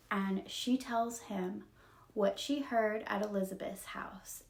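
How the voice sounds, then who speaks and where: A young woman creator recapping children's books in a casual, expressive storytelling style, emotional and quick to laugh. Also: mid-range voice, roomy sound. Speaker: video creator retelling books.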